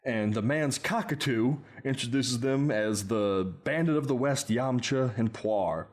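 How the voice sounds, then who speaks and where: A man's voice: mid-range voice, measured pace. A man hosting a casual podcast, giving a wry play-by-play recap of a film and often laughing at his own jokes. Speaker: podcast host.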